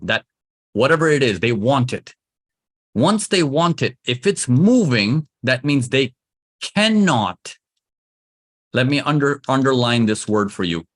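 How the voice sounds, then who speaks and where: A man's voice: mid-range voice, a bit bright. A man teaching trading to a live audience, emphatic and repetitive, coaxing his listeners along. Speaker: trading instructor.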